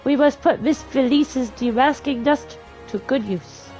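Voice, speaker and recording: A woman voicing a pompous, theatrical gentleman detective as she reads game dialogue aloud, with grandiose, flowery speech. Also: high voice, unhurried, soft background music, voice pushed up, poor audio. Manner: grandiose, flowery, self-important.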